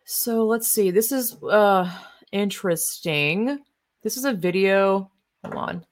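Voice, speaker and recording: A woman's voice: medium pitch, slow, a little hiss or hum. A woman hosting casual political commentary, reading out articles and reacting in a blunt, sarcastic, profane way.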